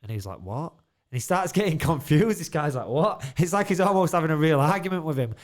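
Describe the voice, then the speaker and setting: Fast and expressive, this man's fairly high voice carries a studio podcast he co-hosts. He chats casually, laughing, swearing heavily, and animating his stories.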